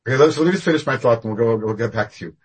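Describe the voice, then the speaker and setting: A man giving a Torah class over a video call, talking animatedly with sudden jumps up and down in pitch and loudness. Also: rapid-fire, slightly rough. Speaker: rabbi teaching a class.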